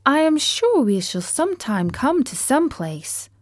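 A woman's voice: big pitch swings, measured pace, no room sound, clean studio sound. Dorothy, a woman doing an earnest little girl. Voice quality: high, bright girlish voice. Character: young girl, earnest and hopeful.

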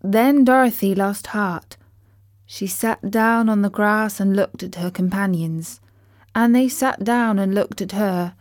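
A woman reading a children's storybook aloud in a measured, gentle way. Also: medium pitch, dry recording, studio quality. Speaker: narrator.

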